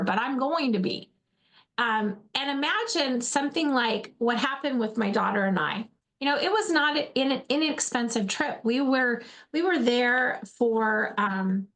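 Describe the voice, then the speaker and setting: Earnest woman in her 40s doing a faith-y motivational talk, kinda high voice, keeps saying friends. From Alaska. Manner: earnest, addresses listeners as friends, repeats words. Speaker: host, faith-based speaker.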